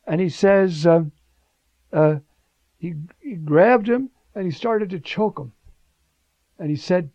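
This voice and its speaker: A man preaching a sermon with emphatic, animated delivery, rhetorical questions and frequent fillers. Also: sits high, slow, long pauses, dry recording. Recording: dull lo-fi recording.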